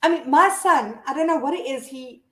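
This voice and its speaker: South african mom blogger going live, chatty, laughs a lot, kinda high voice, echoey room. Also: female voice, moderate pace. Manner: chatty, reads out viewer comments, laughs often. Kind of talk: casual live-stream chat.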